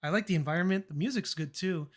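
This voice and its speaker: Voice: mid-range voice, quick pace. A young adult streamer chatting casually, telling a rambling story full of fillers and mild swearing, acting out the lines of the people in it. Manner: rambling, laughing, swears, acts out quoted dialogue.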